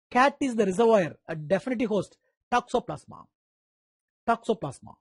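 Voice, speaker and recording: A man's voice: sits high, no room sound. A man with an Indian English accent giving a live online medical lecture, repeating key terms, quizzing students by name and making playful sound effects.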